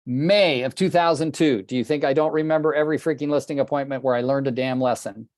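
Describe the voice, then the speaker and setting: A man's voice: medium pitch, fast, few pauses, a little mellow, no room sound, studio quality. An older man coaching real estate agents on a group video call, telling stories bluntly and with passion, swearing casually.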